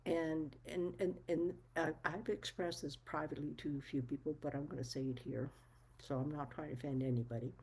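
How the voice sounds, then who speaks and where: A woman speaks candidly to her viewers in a casual monologue. Her voice sits low and mellow, with a husky edge. She is blunt and emphatic and curses freely as she makes her case. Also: fairly even intonation, fairly quick, rough recording. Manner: blunt, frank, swears freely; firm and emphatic. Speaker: vlogger.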